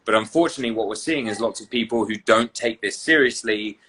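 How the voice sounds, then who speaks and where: Man, casual live-stream host, bright forward tone, chatty, phone recording at home. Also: on the low side, quick pace, slightly rough. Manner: chatty, reads out viewer comments.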